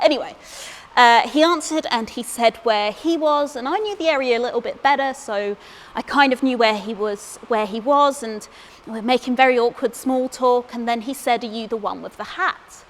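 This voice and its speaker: A young woman tells a comic story from a theatre stage in a fairly high voice. She is chatty and self-deprecating, and she trips over repeated words. A long stage reverb trails behind her voice. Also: moderate pace. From England. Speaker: solo performer.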